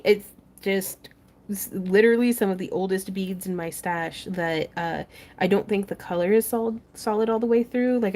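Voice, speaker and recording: A woman's voice: medium pitch, darkish tone. A young woman hosting a casual craft tutorial livestream, chatting, laughing often and reading viewer comments aloud as she works.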